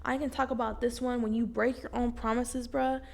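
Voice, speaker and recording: Blunt, slangy young woman with gravelly fry. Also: fairly high pitch, normal speed. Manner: blunt, slangy, profane, animated. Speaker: vlogger. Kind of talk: casual self-help monologue to camera.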